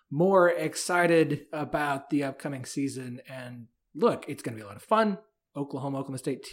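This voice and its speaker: A man hosting a college sports podcast, talking enthusiastically in a loose, rambling way with fillers. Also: on the high side. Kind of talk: casual sports talk.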